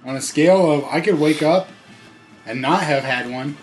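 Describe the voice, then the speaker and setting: A young man chatting casually and crudely on a podcast, loud and joking. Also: fairly high pitch, normal speed, soft background music. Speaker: podcast co-host. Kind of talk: casual chat.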